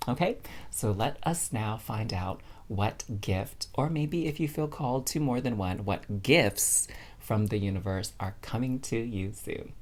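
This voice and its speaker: A woman's voice: extremely low pitch, unhurried, darkish tone. A woman giving a casual, chatty spiritual card reading to camera, bubbly and addressing viewers as fam. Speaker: tarot card reader.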